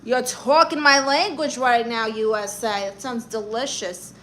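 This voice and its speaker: Playing a brash Brooklyn aunt who claims to be a therapist, a woman reads viewer comments on a comedy livestream and fires back sassy, brassy retorts in a Brooklyn New York accent. Her voice is on the high side, steady and a bit bright, with slight background noise.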